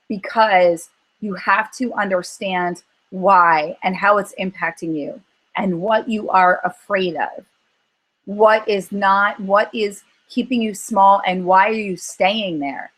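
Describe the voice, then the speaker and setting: A woman speaks to a group on a call as a coach, earnest and animated, slipping into quoted inner thoughts to make her points. Her voice sits at an ordinary middle pitch for a woman. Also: takes it slowly, low-quality recording. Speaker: weight-loss coach.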